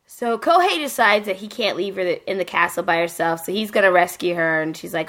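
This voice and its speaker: A woman's voice: fairly low pitch, brisk, hardly any pauses, a bit bright. A woman hosting a casual podcast, recapping an anime in a rambling, profane way full of fillers. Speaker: podcast host.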